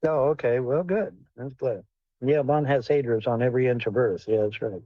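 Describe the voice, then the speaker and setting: A man's voice: mid-range voice, normal speed, no room sound. A man hosting a casual livestream chat, rambling and swearing bluntly as he talks with callers. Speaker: livestream host. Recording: dull lo-fi sound.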